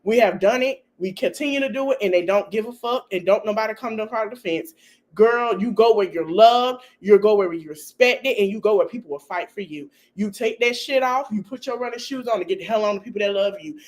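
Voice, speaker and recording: A livestream host talks straight to her viewers in casual commentary, scolding, repeating herself for emphasis, and swearing through her blunt advice. She has a medium-pitched, slightly mellow voice and speaks a little fast.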